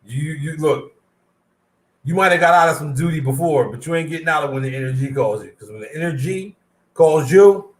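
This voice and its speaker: Man, co-host, animated casual chat, high voice, echoey room. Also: a little fast.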